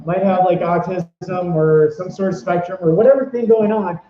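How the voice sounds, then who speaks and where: A man rambles cheerfully through casual advice, stumbling over his words and circling back. His voice sits a little high for a man. The sound is roomy and echoey, with a dull, lo-fi tone. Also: fairly even intonation, normal speed, a little hiss or hum. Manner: rambling, upbeat, many fillers and restarts. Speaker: vlogger giving convention tips.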